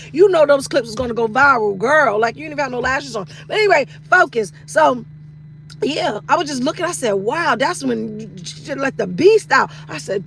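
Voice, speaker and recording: A middle-aged woman with a bright, high voice rants for laughs on a live stream. She swears freely, loops back on her own phrases and acts out little asides as she goes, with faint noise under her. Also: creaky. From East New York, Brooklyn. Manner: animated, profane, riffing with repeats and acted-out asides. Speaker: comedian hosting a live stream talk segment. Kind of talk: casual comedic rant.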